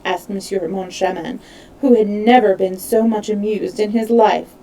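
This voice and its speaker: A woman reading a classic novel aloud as a storyteller on a live stream, expressive, stumbling now and then over names. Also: mid-range voice, normal speed, distant mic, low-quality recording.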